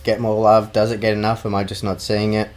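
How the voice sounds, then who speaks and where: A man's voice: fairly low pitch, completely flat delivery, a little fast, darkish tone. A man co-hosting a gaming podcast, talking bluntly and swearing in casual banter. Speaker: podcast co-host. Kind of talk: casual chat.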